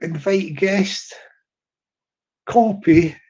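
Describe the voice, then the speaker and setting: A man's voice: sits high, drawn-out words, mellow, breathy edge, lo-fi sound. Rambling man hosting a live stream. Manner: rambling, many restarts and filler tangents. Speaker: livestream host.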